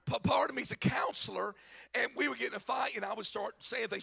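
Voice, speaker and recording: A middle-aged man preaching a sermon in a church, telling stories with animated, shouted emphasis. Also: very high voice, fairly quick, vocal fry, breathy edge. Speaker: pastor.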